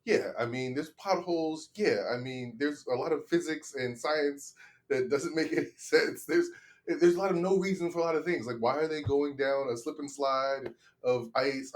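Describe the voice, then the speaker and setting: A comedian making a rambling, casual case on a podcast, often asking "you know what I mean?". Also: male voice, medium pitch, normal speed. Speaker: comedian defending a film.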